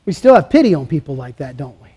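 A man's voice: on the high side, sing-song, quick pace, warm tone, slightly rough. A man preaching a sermon, emphatic and full of rhetorical questions, acting out the voices he quotes. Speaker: pastor.

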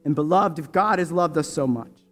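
A male preacher with a high-pitched voice leads a sermon and prayer. He drops to hushed, intimate prayer, then rises to loud, drawn-out, impassioned declarations. Faint music plays beneath him. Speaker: pastor.

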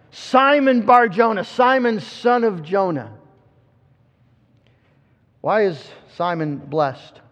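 Here a male preacher's very high voice carries an earnest, emphatic sermon, with stumbles and repeated words as his points build. The sound is muffled and dull, and a long reverb follows him through a big hall.

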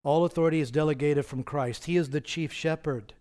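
Guy preaching, lots of rhetorical questions, voice a bit high. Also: fairly even intonation, fairly quick, clean tone. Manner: conversational preaching with rhetorical questions and soft laughs. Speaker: pastor. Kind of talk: sermon.

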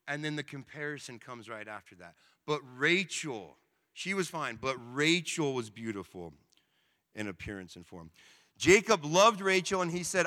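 Male preacher, casual and animated, slangy asides; bright tone, long reverb. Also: on the high side, moderate pace. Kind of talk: sermon.

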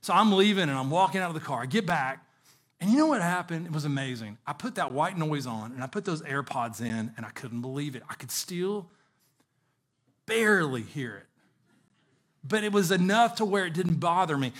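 Animated male preacher telling stories. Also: a little high. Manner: animated anecdotal storytelling with chuckles; earnest, slowing on key words when exhorting. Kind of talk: sermon with personal storytelling.

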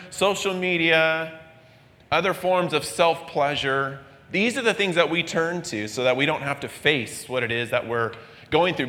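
Earnest preaching man in a reverberant hall. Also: sharp tone. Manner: earnest preaching, acting out quoted voices with rising pitch. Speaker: pastor. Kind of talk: sermon.

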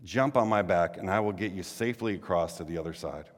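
A man voicing a sly, scheming male snake who coaxes smoothly, told as a fable within a sermon. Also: sits low, fast talker, long reverb tail. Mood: coaxing. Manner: smooth coaxing persuasion.

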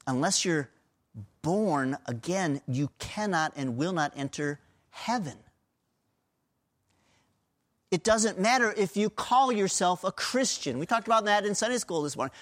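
A man's voice: high-pitched, fairly bright tone. A middle-aged man from Pennsylvania preaching a sermon as a pastor, in an earnest, emphatic and conversational way. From Pennsylvania, USA.

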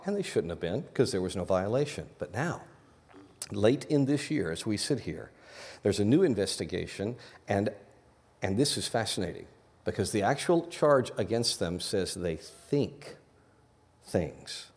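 A man preaching an earnest, animated sermon as pastor, often restarting his phrases. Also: medium pitch. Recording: long reverb of a large hall.

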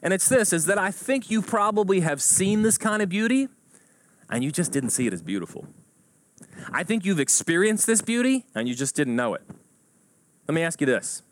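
A man's voice: sits high, moderate pace, low-quality recording. A man preaching a sermon, telling stories and acting out a joke in rising voices. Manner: animated storytelling, acts out a joke in rising voices. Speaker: pastor.

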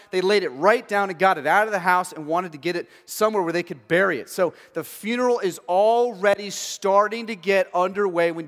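Emphatic man preaching in a reverberant hall. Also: fairly high pitch. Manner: swings between loud emphatic and very soft quiet passages; addresses listeners with frequent "okay" and "right". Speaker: pastor. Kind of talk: expository sermon.

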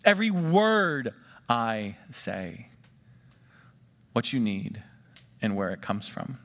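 A man preaching a sermon, swinging between emphatic rises and quiet drops, and drawing the congregation into questions and call-and-response. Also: medium pitch, big pitch swings, takes it slowly. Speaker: pastor. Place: church sanctuary. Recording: long church reverb.

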